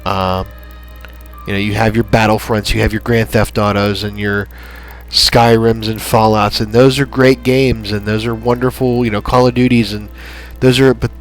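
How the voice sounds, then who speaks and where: A man hosting a gaming channel, chatting in a rambling, halting way with lots of fillers as he wraps up a playthrough. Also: on the low side, poor audio. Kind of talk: casual gameplay commentary. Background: soft background music.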